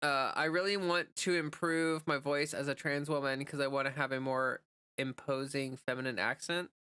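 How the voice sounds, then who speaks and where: A woman's voice: a bass voice, level tone, normal speed, a bit bright, smooth. A woman streamer in casual live chat, answering chat messages in a chatty way with lots of "like" fillers.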